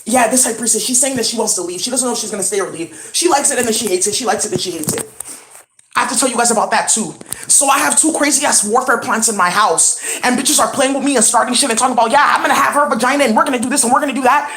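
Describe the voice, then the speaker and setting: Excitable woman in an echoey room. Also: on the high side, fast. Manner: excitable, rambling, intense. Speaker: spiritual reader. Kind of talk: casual vlog. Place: at home indoors.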